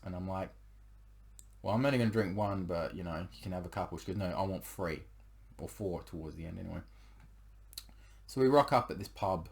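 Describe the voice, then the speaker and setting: A young man tells a personal relationship story in a casual, rambling way, with many fillers and restarts. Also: deep voice.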